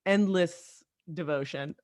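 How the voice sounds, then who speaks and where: Brief: woman guest, comedy writer, casual animated chat with quick asides, dry close-miked podcast sound. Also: fairly low pitch, dry recording.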